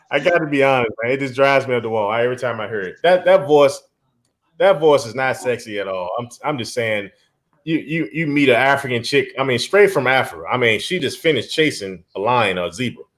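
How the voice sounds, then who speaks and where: A man's voice: medium pitch, lively intonation, a little fast, a bit bright. A man hosting a casual live stream, talking emphatically, repeating his phrases and often breaking into laughter.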